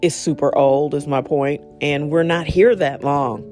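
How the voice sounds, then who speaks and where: Relaxed monologue voice, chatty and digressive, livens up on anecdotes; soft guitar bed. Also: mid-range voice, measured pace. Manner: rambling, many fillers and asides; animated when retelling exchanges. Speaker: monologue speaker. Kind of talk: casual storytelling and advice.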